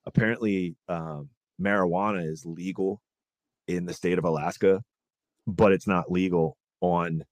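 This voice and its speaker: Deep voiced podcast host guy, rambly and sweary, dry close sound. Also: steady tone, a little slow, no room sound. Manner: rambling, profane, many fillers. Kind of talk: casual podcast chat.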